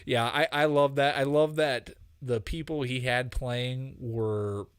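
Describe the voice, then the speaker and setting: Man, podcast co-host, casual chat, rambling, laughs a lot, average pitch, dry close sound. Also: fairly even intonation, takes it slowly, clean tone, dry recording.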